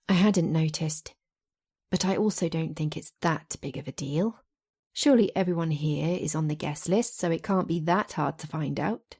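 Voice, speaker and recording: A woman narrating a first-person romance audiobook in an expressive, lively storytelling manner. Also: deep voice, normal speed, breathy edge.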